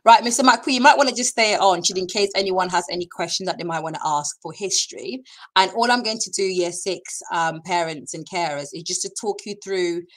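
A woman's voice: on the low side, brisk, a bit bright, poor audio. A woman, chatty and encouraging, hosting an online school session from a computer mic. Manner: chatty, encouraging, many fillers. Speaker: school staff presenter.

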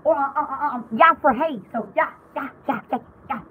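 A young woman hosting a live-stream jewelry party, chatting casually in an excitable, rambling, giggly way. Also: high-pitched, brisk, slight background noise, poor audio.

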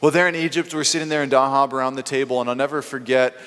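A male pastor preaching a sermon, telling stories with lively swings between loud bursts and quiet asides. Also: mid-range voice. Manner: animated storytelling with quick swings in loudness. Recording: long hall reverb.

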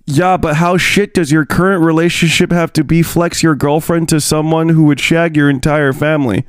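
A man's voice: fairly high pitch, steady tone, moderate pace, clean tone, dry recording, studio quality. A young man reacting to a video on his stream, rambling and bemused as he talks to his chat. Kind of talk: casual stream commentary.

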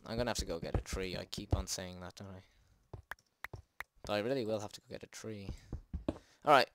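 Speaking briskly in a lowish voice over background noise, a man hosts a let's play. He chats, pokes fun at himself, and lets out jumpy exclamations as he plays.

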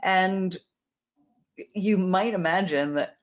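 A woman's voice: lowish voice, takes it slowly, highs cut off. A woman answering product questions in a casual Q&A, frank and explanatory, repeating words as she thinks. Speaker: company co-founder answering questions.

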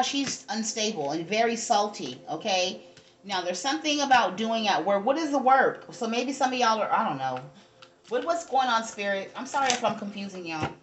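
A fairly high-voiced woman, giving a casual tarot reading to her viewers. She talks bluntly and rambles, swearing freely as she goes. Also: fairly bright tone. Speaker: tarot reader.

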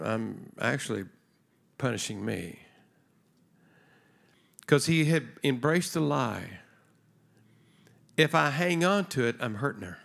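Gravelly-voiced man preaching a sermon. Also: medium pitch, a bit bright. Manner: conversational, acts out dialogue in his stories. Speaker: guest preacher. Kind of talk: sermon with storytelling. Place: church stage before a congregation.

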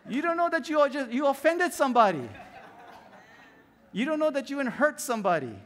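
A man preaches to his congregation in a high, lively voice that swings widely up and down. He acts out his stories with little sound effects. His voice rings with the long reverb of a large church hall. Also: fairly quick, a faint crowd, a little hiss or hum. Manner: animated storyteller, acts out scenes and sound effects. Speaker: pastor.

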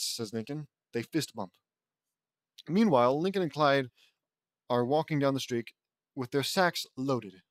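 A man's voice: medium pitch, measured pace, long pauses, no echo. Casual male fan-fiction reader. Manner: reads casually, stumbles and self-corrects. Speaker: audiobook reader.

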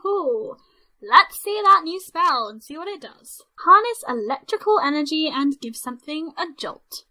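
A young woman doing excitable let's play commentary, squealing and shouting at what happens in the game. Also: high-pitched, measured pace, poor audio. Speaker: gaming channel host.

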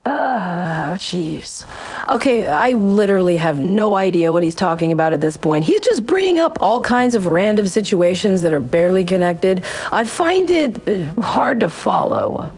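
A woman's voice: mid-range voice, big pitch swings, moderate pace, a little mellow, slightly rough. A woman co-hosting a reaction commentary, dry and incredulous. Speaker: commentary co-host.

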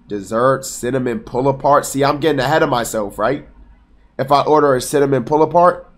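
Excitable young man streaming at home. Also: medium pitch, brisk. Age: 20s. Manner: excitable, profane, talks back to chat, bursts into yelling. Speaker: livestreamer. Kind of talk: casual live-stream chat.

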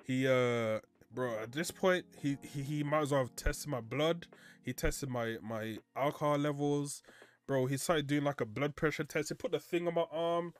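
A man's voice: on the high side, moderate pace, no echo, faint music behind. A young man, telling a story animatedly in slangy casual speech. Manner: animated, slangy, acts out the quoted lines. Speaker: streamer.

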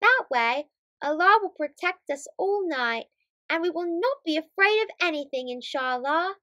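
A woman voicing a gentle, patient mother who soothes her son in a children's storybook reading. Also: extremely high pitch, expressive, measured pace, dry recording, exaggerated voice. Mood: soothing. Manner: soft, soothing.

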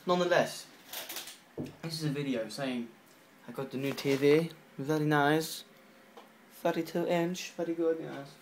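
A man's voice: a little high, unhurried, long pauses, a little hiss or hum. A man vlogging in a loose, rambling way, swearing constantly as he talks to his viewers. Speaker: gaming channel vlogger. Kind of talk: rambling casual vlog.

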